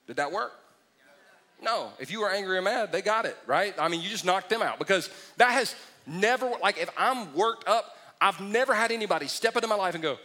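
Male pastor, middle-aged, bright and high, animated sermon delivery with comic impressions. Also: brisk. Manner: animated, joking, mocking impressions.

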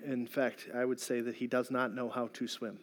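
A man's voice: medium pitch, flat delivery, moderate pace. A middle-aged man preaching a sermon as a pastor, telling a personal story in an earnest, conversational way.

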